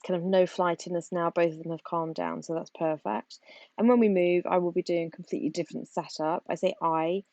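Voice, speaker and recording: Holding her phone as she works, this British poultry-keeping vlogger rambles casually through her garden chores. She speaks fairly quickly in a lowish, darkish, steady voice; there's no echo, and the high frequencies are cut off.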